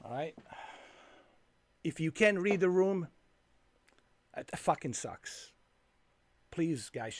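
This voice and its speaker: A man's voice: a little high, no echo. Furious swearing male game streamer. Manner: angry, swearing, ranting. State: fuming. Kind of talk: live stream commentary.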